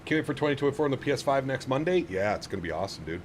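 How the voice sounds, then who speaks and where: Flying a simulator on a live stream, a man keeps up chatty banter, reading out the chat and cooing to his dog. His mid-range voice is sing-song and very fast, with slight hiss or hum in the background.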